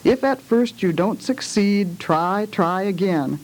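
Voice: mid-range voice, expressive, slow pace, darkish tone, low-quality recording. Reader putting on a worried little boy. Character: anxious little boy about to recite.

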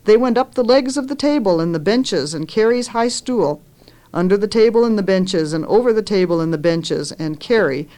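Woman reading a story aloud, expressive. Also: medium pitch. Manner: measured, expressive reading with lifted voices for characters.

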